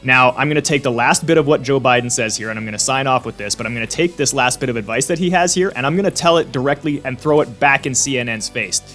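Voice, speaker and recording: A man's voice: medium pitch, fast talker, few pauses, a bit bright, faint music behind. A man hosting a commentary vlog, ranting bluntly with sarcasm and plenty of swearing. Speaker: vlog host.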